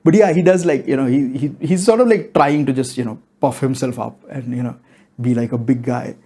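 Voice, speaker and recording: A man's voice: mid-range voice, brisk, dark tone, slightly rough. A man giving a casual movie review, rambling and filling his talk with "like" and "you know".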